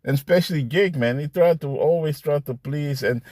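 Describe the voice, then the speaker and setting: A man's voice: a little high, moderate pace, a little mellow, no room sound, studio quality. A man preaching casually, often tagging "man" and "you see" onto his points and laughing between them. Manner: repetitive, ends phrases with "man" and "you see". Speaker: street preacher. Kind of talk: casual preaching with scripture readings.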